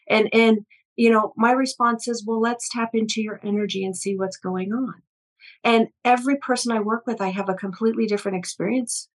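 A woman's voice: a little high, normal speed, low-quality recording. A woman guest, an energy healer, telling stories in an earnest, flowing way, with frequent restarts and fillers. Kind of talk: conversational storytelling interview.

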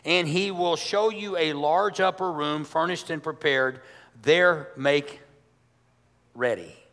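A man's voice: fairly high pitch, slow pace, a bit bright. A man, a pastor, preaching a sermon in a church, emphatic and conversational, asking his congregation rhetorical questions. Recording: long hall reverb.

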